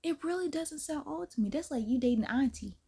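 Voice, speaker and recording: Woman reaction host, chatty, bouncy pitch all over. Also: fairly quick, gravelly. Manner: chatty and animated, laughs and exclaims often. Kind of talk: casual reaction commentary.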